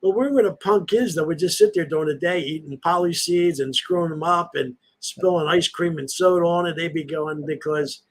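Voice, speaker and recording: Man in his 60s, podcast host, rambling nostalgic stories, slightly high voice. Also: brisk, hardly any pauses, poor audio. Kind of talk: casual reminiscing chat.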